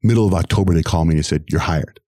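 A middle-aged man who works as a radio host tells his story in an interview. His voice sits very low and he talks at a quick clip, switching into the voices of the people he quotes. The sound is dry and close. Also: dry recording. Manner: animated, acts out quoted voices.

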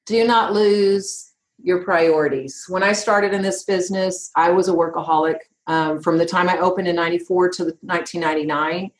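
A woman's voice: lowish voice, fairly even intonation, fast, hardly any pauses. A middle-aged woman who owns an insurance agency, talking firmly and directly in an interview. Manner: firm, emphatic, direct. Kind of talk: conversational interview answers. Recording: roomy echo.

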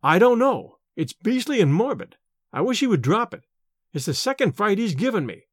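A man's voice: high-pitched, big pitch swings, normal speed, no echo, studio quality. A man voicing a nervous, overwrought young male scholar in a storybook reading, speaking in an agitated, fretful way.

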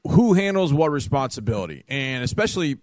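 A male sports radio co-host tells stories with a lively, swinging voice and acts out other people's lines. The studio sound is close and dry. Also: mid-range voice, brisk, dry recording. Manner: animated storyteller who acts out quotes. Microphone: studio microphone.

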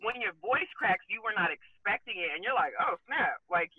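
A man's voice: high-pitched, huge pitch swings, brisk, gravelly, breathy edge, no room sound. A man joining a casual podcast chat remotely, easygoing and laid-back. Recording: tinny phone-like remote call.

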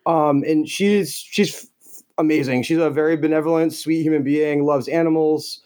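A man's voice: a little high, fairly even intonation, moderate pace, a little mellow. A man who is a guest filmmaker in a casual chat, easygoing and hesitant.

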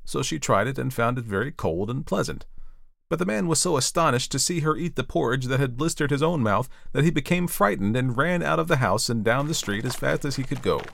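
A man reading a storybook aloud, expressive and playful, with chatty asides to the listener. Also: mid-range voice, fairly quick, gravelly, no room sound, clean studio sound.

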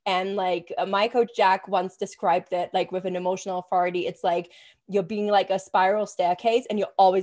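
A young adult woman co-hosting a casual podcast as a business coach, energetic and swearing freely, with lots of "like" fillers. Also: mid-range voice, normal speed.

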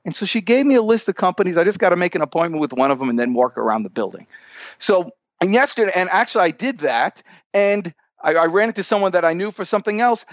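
Upbeat guy telling sales stories, voice jumps all over, kinda high, dull dry sound. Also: brisk, no echo. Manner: animated, upbeat storyteller who acts out dialogue. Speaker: sales coach guest. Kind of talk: storytelling in a podcast interview. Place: standing up while talking.

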